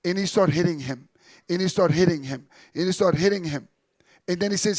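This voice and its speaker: Guy giving a religious talk, pretty high voice, really dry close sound, gets loud then drops way down as he tells the story. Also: fairly quick, no echo. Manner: animated storyteller, quotes figures in dropped voice. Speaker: Islamic lecturer.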